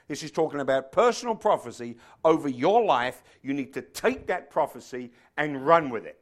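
A man preaching with fervor, his voice sitting a little high for a man. He drives his points home and swells into loud, emphatic bursts. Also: expressive, brisk, few pauses. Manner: fervent, rising to shouts. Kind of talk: sermon.

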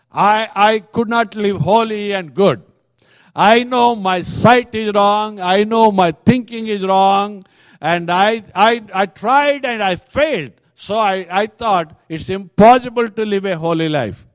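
Earnest Indian preacher, high voice. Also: male voice, no room sound. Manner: earnest, halting, with frequent restarts. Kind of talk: sermon testimony.

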